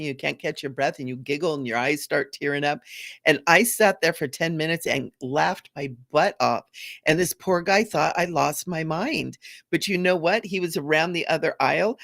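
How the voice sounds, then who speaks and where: A woman's voice: deep voice, gravelly, fairly bright tone, no room sound, clean studio sound. A woman hosting a casual spiritual livestream chat, bubbly, laughing often and repeating phrases for emphasis. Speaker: spiritual talk show host.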